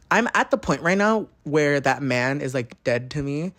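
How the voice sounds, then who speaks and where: A young adult man hosting a podcast, telling a story in a casual, slangy, animated way, swearing and jumping into high-pitched mimicry. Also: moderate pace, few pauses, slight background noise. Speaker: podcast host.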